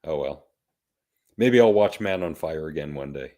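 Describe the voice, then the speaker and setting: A man's voice: very deep voice, lively intonation, normal speed, mellow. A man co-hosting a podcast, chatting in an easygoing, rambling way and telling stories. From Canada. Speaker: podcast co-host. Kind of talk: casual podcast chat.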